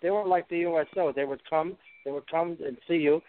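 A man in his seventies, from Canada, talks as a guest musician on a radio interview in a fairly high voice. He is chatty and teasing, telling old stories, and his voice comes over a thin phone-like line. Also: fairly even intonation, a little fast. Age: 70s.

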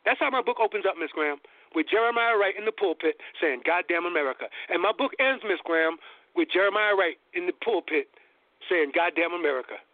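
A man with a high, ringing voice lectures with preacher-like fervor, climbing to emphatic peaks. The sound is dry and close. It comes through a thin, tinny phone-line connection. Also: animated, a little fast, no echo. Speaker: guest lecturer. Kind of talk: impassioned lecture.

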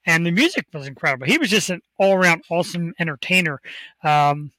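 A man's voice: fairly high pitch, lively intonation, fast talker, pushed and bright, no echo, rough recording. A man hosting a casual podcast from a home studio, talking with upbeat, rambling enthusiasm into a desk microphone. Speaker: host.

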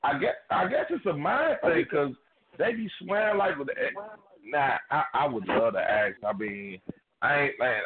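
A man co-hosting a radio talk show, telling crude, profane stories and acting out the voices of the people in them. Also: medium pitch. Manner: profane, animated, acts out voices in his stories. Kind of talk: crude comedic storytelling. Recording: phone-like band-limited radio audio.

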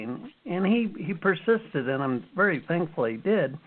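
A man's voice: a little high, normal speed. Man in his fifties, interview guest, acts out past moments as he tells them; sound is narrow like a phone line. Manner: animated storyteller, acts out his own past reactions. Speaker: author and guest. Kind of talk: storytelling interview answers.

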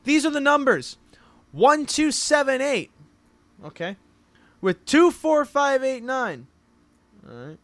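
A man hosting a casual horse racing picks show, animated and jokey with playful wordplay. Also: extremely high pitch, slow, pauses often, no echo. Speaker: host. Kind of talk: casual harness racing handicapping chat.

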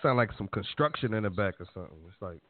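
A man's voice: fairly low pitch, expressive, fast talker, no room sound. Joking man hosting late-night radio. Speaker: radio show host. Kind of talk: casual call-in radio chat. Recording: dry, phone-like lo-fi sound.

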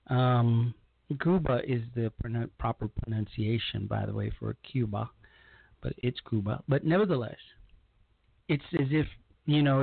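A man's voice: medium pitch, vocal fry, dry recording. A man hosting a casual monologue broadcast, rambling and often repeating himself as he restarts his sentences. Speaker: broadcast host. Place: lives in Georgia. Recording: tinny phone-like line, dry.

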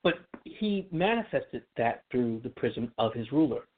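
A man's voice: mid-range voice, very animated, unhurried. A man explaining astrology in casual radio talk, chatty, with many fillers and restarts. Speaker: astrology guest. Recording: tinny phone line.

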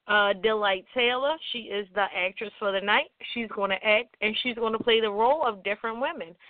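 A woman's voice: a little high, no echo. A woman in her thirties hosting her own radio show in a chatty, playful way, teasing herself as she runs through event plans. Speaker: radio host. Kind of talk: casual radio chat. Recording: dry, tinny phone-like sound.

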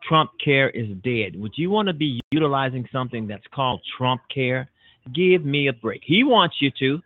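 A man hosts a political talk radio show, hammering his points home with emphatic, repeated declarations. His voice sits at a middling pitch and comes through a narrow, tinny phone-like line. The sound is dry, with no room around it. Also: animated, normal speed, dry recording. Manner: emphatic, repetitive, punchy declarations. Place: Chicago-based internet radio show.

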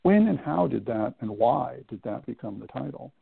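Gravelly husky male interviewer, phone line. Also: medium pitch, animated, no echo. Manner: measured, careful questions with "uh" fillers. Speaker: host. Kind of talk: radio interview. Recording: dry phone-like narrow band.

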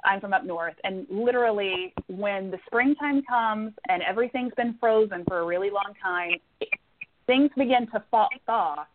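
A woman's voice: medium pitch, normal speed, a little hiss or hum. A woman giving a psychic reading to a caller, reassuring and affectionate, calling her honey and sweetheart. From northern United States. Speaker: psychic medium guest. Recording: tinny phone-line sound.

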